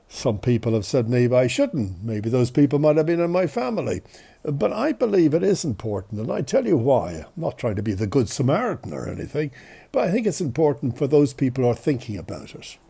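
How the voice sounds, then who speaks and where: Male podcast host, storyteller, a cold in the voice, dark and raspy. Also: mid-range voice. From Ireland. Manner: chatty, self-deprecating, animated storytelling. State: has a cold. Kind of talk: casual storytelling.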